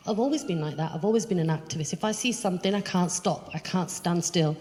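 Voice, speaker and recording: Low-voiced woman speaker telling personal stories with lively acted-out voices, recorded live in a reverberant hall. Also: fast. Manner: animated storyteller, acts out others' voices. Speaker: charity chief executive giving a talk. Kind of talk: personal talk to an audience. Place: event hall, walking around away from the podium.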